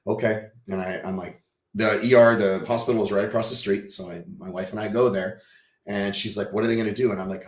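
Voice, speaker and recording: A man with a fairly low voice tells a personal story as a podcast guest, acting out what people said. He drops to a hush, then bursts out loud and excited. The room around him has a roomy echo. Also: fairly quick. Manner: vivid storyteller who acts out quoted dialogue; swings from hushed to loud and excited.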